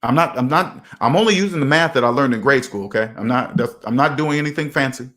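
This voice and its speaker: A man's voice: medium pitch, fast, a bit bright. A man hosting a personal finance channel, giving casual, emphatic advice and acting out the people he quotes.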